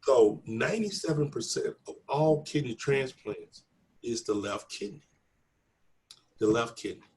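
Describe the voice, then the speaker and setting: A man's voice: mid-range voice, very animated, a little slow, darkish tone. A middle-aged man earnestly retelling a personal story in a casual, emotional way, acting out quoted dialogue. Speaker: guest telling his story.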